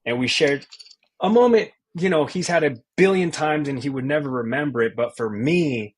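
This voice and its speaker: A man in his thirties from Colorado, a sports anchor telling a casual, animated story as a podcast guest, full of slang. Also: a little high, moderate pace, slightly rough. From Colorado, USA.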